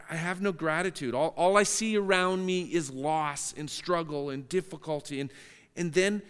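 A man's voice: fairly high pitch, fairly bright tone, clear, resonant tone. Male pastor preaching in a reverberant hall. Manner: earnest, with frequent word repeats and restarts. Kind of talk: sermon.

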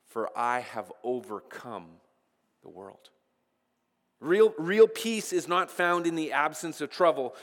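Male pastor, slightly high voice, earnest sermon delivery with stammered restarts, long hall reverb. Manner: stammering repeats of first words, earnest.

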